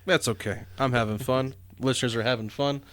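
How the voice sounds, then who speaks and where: A man's voice: medium pitch, fairly even intonation, fairly quick, a bit bright, no room sound. A man co-hosting a casual comedy podcast, rambling and laughing often, self-deprecating. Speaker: podcast co-host.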